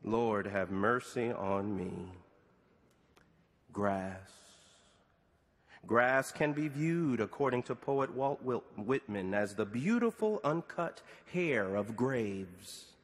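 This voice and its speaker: A middle-aged man preaching a sermon framed as a prayer to God, with slow deliberate pauses and rising questions. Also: lowish voice, animated, big-room sound.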